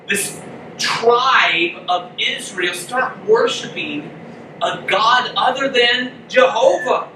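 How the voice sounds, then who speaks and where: A man preaching a sermon as a pastor, telling the story with lively acted-out voices for the characters. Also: very high voice. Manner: animated storytelling, acting out the characters' lines. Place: church hall. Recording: echoey room, mic from a distance, noisy.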